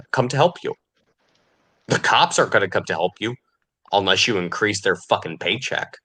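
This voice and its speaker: A man's voice: on the low side, fairly bright tone. A man delivering an angry, profane podcast rant, sneering and furious. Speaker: podcast host.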